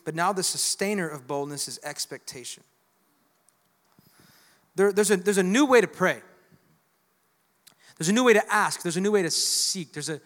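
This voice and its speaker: In a church sanctuary with long hall reverb, a pastor preaches emphatically to his congregation and calls for responses from the crowd. His voice is high-pitched with a fairly bright tone.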